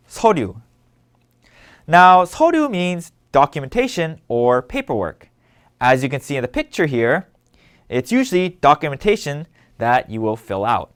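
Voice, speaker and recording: A man teaching a language lesson, explaining words patiently and asking listeners to repeat after him. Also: medium pitch. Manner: clear, patient instructional delivery. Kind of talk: scripted language lesson narration.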